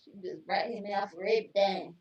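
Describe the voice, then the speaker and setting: A woman's voice: medium pitch, brisk, a little mellow, lo-fi sound. A woman co-hosting a casual show, reading jokes aloud and then explaining them with teasing remarks. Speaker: co-host. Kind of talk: casual joke-telling chat. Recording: echoey room, far from mic.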